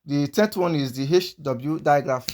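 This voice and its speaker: A man with a somewhat high-pitched voice gives a language lesson. He goes through the sounds one at a time and says each example word slowly, again and again, so it can be heard clearly. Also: darkish tone. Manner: slow, repeats each sound several times. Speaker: language teacher.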